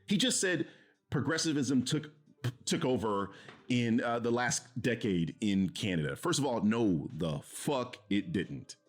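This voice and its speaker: A man's voice: medium pitch, animated, unhurried. A man streaming, reacting to a video in heated casual commentary, swearing and mocking with an exasperated tone. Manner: profane, exasperated, mocking laughs.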